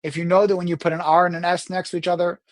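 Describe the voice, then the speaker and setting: Man coaching public speaking. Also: very fast. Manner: animated, swings pitch and loudness to demonstrate. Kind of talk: talk to camera on communication skills.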